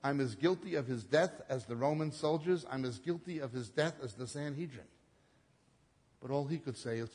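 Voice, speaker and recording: A man preaching a sermon, swinging between loud emphatic peaks and low quiet drops, acting out the quoted lines. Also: normal speed, slightly rough. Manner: dramatic swings in pitch and loudness, acting out quotes. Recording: long hall reverb.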